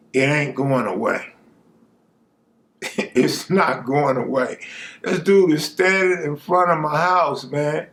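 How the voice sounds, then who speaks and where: Man, storyteller, slangy, conversational, slightly high. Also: a bit bright. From Los Angeles. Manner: laid-back, slangy, conversational. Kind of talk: casual street storytelling.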